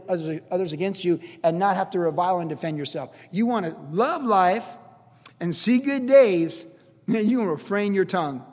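A male pastor with a high, slightly husky voice gives an energetic, casual sermon, repeating his points and calling out to the congregation. His voice rings through a church sanctuary with a long reverb tail. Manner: energetic, repetitive, talks straight to the congregation. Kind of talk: conversational sermon.

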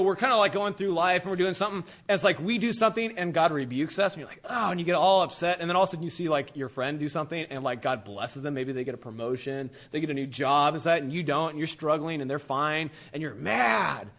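A man preaching a casual sermon in a laid-back, slangy way, animated and acting out little scenes. His voice sits on the high side for a man. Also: quick pace, few pauses.

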